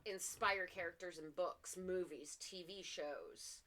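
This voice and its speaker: A young woman co-hosting a casual podcast chat, trading dark humor about killers and swearing casually, with lots of fillers. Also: lowish voice, slow. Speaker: podcast co-host.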